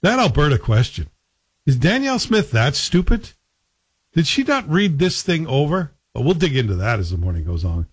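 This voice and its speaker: A man's voice: fairly high pitch, sing-song, moderate pace, husky, no echo. A man hosting a morning radio show, chatting and joking casually with his co-hosts. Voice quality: talkative, joking.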